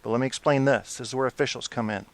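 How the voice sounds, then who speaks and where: A man in his forties hosts a post-game hockey show, talking straight to his listeners in an opinionated, blunt way. He swears freely when something gets under his skin. His voice sits in an ordinary middle pitch, and the recording is dry and close with no room sound. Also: fairly even intonation, quick pace, no echo. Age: 40s. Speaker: podcast host.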